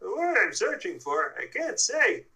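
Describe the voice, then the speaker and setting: A man's voice: high voice, huge pitch swings, a little slow, pushed and bright, husky, pitched above the performer's own voice, full character voice. A man doing a prim toy pig quote. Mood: prissy.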